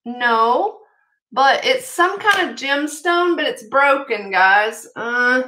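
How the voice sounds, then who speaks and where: Bubbly high-voiced woman vlogger. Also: slow pace. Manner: excitable, gushing, chatty asides to viewers. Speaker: jewelry haul vlogger. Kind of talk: casual unboxing chat.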